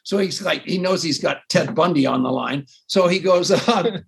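Husky older man telling a wild story. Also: on the high side, normal speed. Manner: self-mocking, acts out both sides of conversations. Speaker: podcast co-host telling his story. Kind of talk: animated storytelling.

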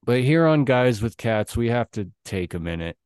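A man's voice: medium pitch, sing-song, normal speed, darkish tone, clear, resonant tone, no room sound, clean studio sound. A young man hosting a podcast in casual chat, telling stories loosely with lots of fillers and laughs. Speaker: podcast host.

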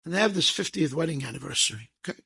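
High, gravelly storytelling man. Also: very fast. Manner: lively, acts out quoted speech, sprinkles Hebrew phrases. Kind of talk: animated storytelling to an audience.

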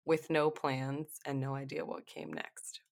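A woman who is a physician assistant, a podcast guest telling candid stories in an animated way and laughing often. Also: low voice, measured pace, vocal fry. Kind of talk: candid storytelling interview.

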